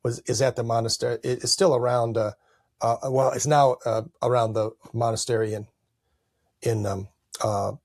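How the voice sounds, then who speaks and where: A middle-aged man, an Orthodox priest, telling stories in a relaxed podcast conversation and acting out quoted lines. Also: normal speed, no echo, studio quality. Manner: animated, acts out quoted speech with raised pitch. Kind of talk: storytelling in casual conversation.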